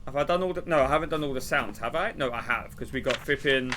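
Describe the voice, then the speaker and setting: A young man streaming a game, rambling and laughing as he plays, now and then shouting. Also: medium pitch, fast, background noise. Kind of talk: casual gameplay commentary.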